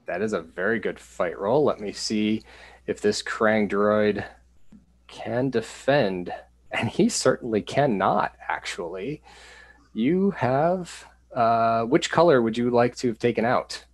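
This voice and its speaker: A man's voice: mid-range voice, measured pace. A man narrating as game master of a tabletop game, a little hesitant. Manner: hesitant, with many fillers and restarts.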